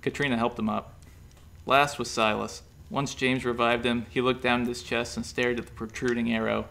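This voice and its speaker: A man reading a comic horror story aloud in a brisk, deadpan way. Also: mid-range voice, creaky, slight background noise.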